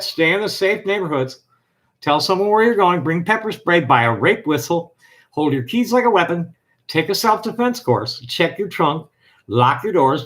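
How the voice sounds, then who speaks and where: A man hosting a live stream, reading a text aloud in a steady, rhythmic list cadence and then chatting loosely with restarts. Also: on the high side.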